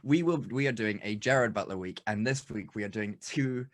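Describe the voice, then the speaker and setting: A man co-hosting a film podcast in casual back-and-forth chat. He is playful and animated, spinning little stories as he goes. He sits close to a podcast mic. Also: lowish voice, fairly quick. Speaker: podcast co-host.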